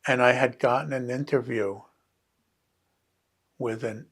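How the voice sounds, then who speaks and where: An older physician from New Jersey recounts his own story with a wry, lively delivery. His voice sits at a middle pitch, and faint music plays behind him. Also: a little slow, pauses often, breathy edge. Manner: wry, animated storyteller, acting out dialogue. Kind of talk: personal storytelling.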